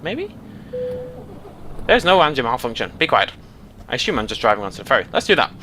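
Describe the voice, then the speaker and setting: A young Englishman rambles and jokes through his gameplay commentary, talking straight to his viewers. His voice is bright and forceful, and his pitch leaps up and down. A faint hiss sits under the recording. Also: big pitch swings, fairly quick. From Britain. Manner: jokey, rambling, talks to viewers. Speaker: let's play host. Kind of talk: casual gaming commentary.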